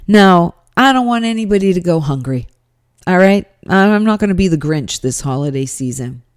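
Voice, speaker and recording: A woman's voice: on the low side, animated, moderate pace, clear, resonant tone, no echo, clean studio sound. A woman podcast host telling a story in a monologue, emphatic and exasperated.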